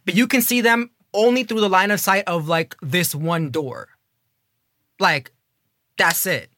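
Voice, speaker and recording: A man telling a personal story in a casual, animated way, swearing often and swinging between fast bursts and dramatic pauses. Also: sits high, no room sound, studio quality. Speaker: coding program student telling a story.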